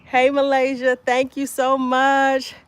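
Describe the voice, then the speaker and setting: A woman's voice: high-pitched, monotone, slow pace. A woman hosting a casual livestream outdoors in her garden, chatting with viewers by name while she harvests. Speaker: homestead livestreamer.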